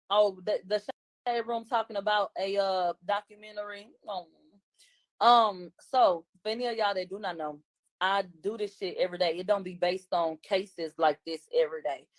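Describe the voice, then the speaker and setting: A woman's voice: mid-range voice, fairly bright tone, no echo. A woman, a guest commentator on a livestream, talking bluntly and combatively in casual chat.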